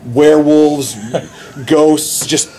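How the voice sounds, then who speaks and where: A man in casual podcast chat, retelling a movie plot excitedly with many restarts. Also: a little high, drawn-out words, a crowd in the background. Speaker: podcast host.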